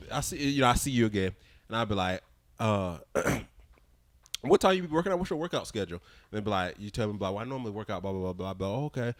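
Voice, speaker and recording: Animated young man telling a story. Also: on the low side, no echo. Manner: animated, acts out both sides of conversations in quoted voices; blunt and direct. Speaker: podcast co-host. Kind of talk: casual storytelling chat.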